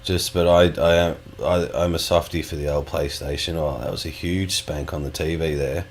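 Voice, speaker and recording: A man's voice: a bass voice, steady tone, moderate pace, a little hiss or hum. A man co-hosting a gaming podcast, chatting casually and swearing freely. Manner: sweary, rambling, laid-back. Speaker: podcast co-host. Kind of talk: casual chat.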